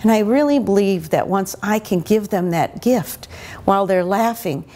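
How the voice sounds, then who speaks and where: A woman's voice: medium pitch, lively intonation, moderate pace, dark tone. A woman talking earnestly about her work in an interview. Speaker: motivational speaker. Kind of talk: interview talk.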